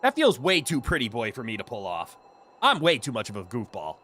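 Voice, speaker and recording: A man's voice: medium pitch, huge pitch swings, bright, forceful tone, a little hiss or hum. A man streaming a video game, chatting casually and playfully with his viewers. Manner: goofy, playful, quick laughs. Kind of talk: casual gameplay commentary.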